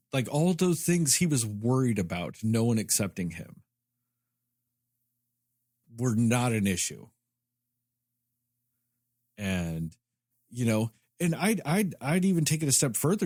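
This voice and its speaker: A man co-hosting a film podcast, talking in an animated way with lots of fillers. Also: medium pitch, no room sound, clean studio sound. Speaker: podcast co-host. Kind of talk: casual film review chat.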